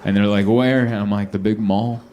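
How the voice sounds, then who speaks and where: A man's voice: on the low side, moderate pace. A man performing a stand-up comedy set on a club stage, acting out the voices of the people in his stories. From United States. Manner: animated, acts out quoted voices. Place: comedy club stage before a laughing crowd. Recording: live club with loud crowd laughter.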